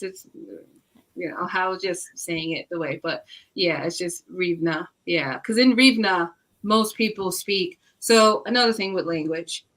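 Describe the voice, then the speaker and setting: A woman with a slightly low voice tells stories in a relaxed chat. She talks in an animated way, with lots of fillers and laughs along the way. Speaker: book club guest. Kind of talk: casual chat.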